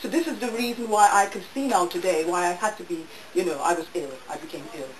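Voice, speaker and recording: A woman's voice: fairly low pitch, quick pace. Woman speaker, first-person testimony to an audience, intense and repetitive; distant mic in an echoey room. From United States. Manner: emotional, intense, repeats phrases. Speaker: speaker at a public talk. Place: bookshop event room. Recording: roomy, distant, faint hiss.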